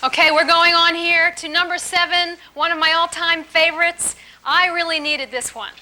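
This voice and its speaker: A woman giving a live relationship seminar to an audience, lively and emphatic, often playful. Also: very high voice, moderate pace, slight background noise. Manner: lively, emphatic, playful, laughs while teaching.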